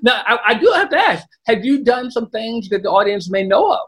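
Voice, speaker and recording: A man's voice: very high voice, a little fast. Enthusiastic man hosting a podcast. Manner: enthusiastic, repeats words when excited. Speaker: podcast host. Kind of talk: casual interview chat.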